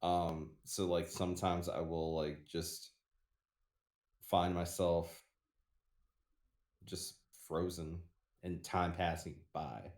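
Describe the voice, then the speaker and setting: A man co-hosting a livestream, speaking hesitantly with halting restarts. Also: low-pitched, little pitch movement, darkish tone, echoey room. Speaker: co-host. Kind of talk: casual livestream chat.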